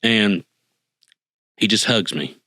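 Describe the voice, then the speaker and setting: A man with a somewhat low voice tells a deeply personal story as a podcast guest. His tone is forceful and bright, and he acts out the dialogue of the people in his story with real feeling. The sound is dry and close, with no room echo. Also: takes it slowly. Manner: earnest, emotional, acts out quoted dialogue.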